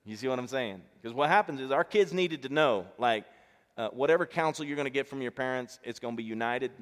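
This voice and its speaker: Man, pastor, sermon, conversational, storytelling, mid pitch, long hall reverb. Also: fairly quick. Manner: conversational, storytelling, acts out family dialogue.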